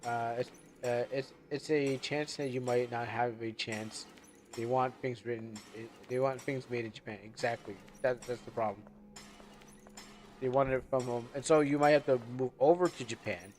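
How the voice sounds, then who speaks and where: A man streaming a game live, chatting casually and rambling as he loses his train of thought. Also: medium pitch. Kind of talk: casual live gameplay commentary.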